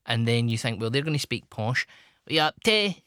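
A man's voice: medium pitch, fairly quick, no echo, studio quality. A Scottish man co-hosting a radio show, telling stories in casual chat and mimicking people as he goes. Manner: animated storyteller, mimics people. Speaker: radio co-host.

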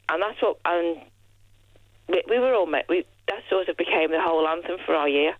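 Brief: animated woman in her fifties, phoning in, dry, close sound. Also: fairly low pitch, normal speed, no room sound, narrow, tinny audio. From Liverpool, England. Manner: chatty, animated storyteller. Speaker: caller.

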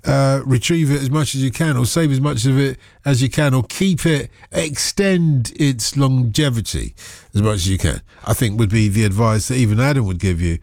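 A man's voice: mid-range voice, normal speed, a little mellow, no room sound. Man, radio host, casual teasing chat, dry studio sound. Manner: chatty, teasing, thinks aloud with asides.

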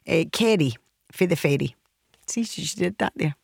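An evening radio co-presenter speaking from a dry, close-miked studio. The voice sits at a middling pitch, friendly and relaxed, and it fills the gaps with quick, agreeable interjections. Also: creaky, husky, no echo. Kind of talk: radio phone-in chat, reading listener messages. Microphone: studio microphone.

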